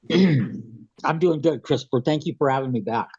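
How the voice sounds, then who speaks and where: A husky man with a head cold tells his story in a plain-spoken, rambling way. The recording sounds dull and lo-fi. His pitch sits in an ordinary middle range. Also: lively intonation, a little slow, darkish tone. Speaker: guest. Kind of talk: casual storytelling.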